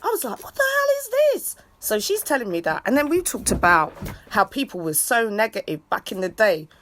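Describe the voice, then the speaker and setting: A woman ranting casually on a livestream, swearing freely and breaking off for loud shout-outs to viewers. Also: medium pitch, big pitch swings, fairly quick, noisy background. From England. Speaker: livestreaming vlogger. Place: outdoors in a city.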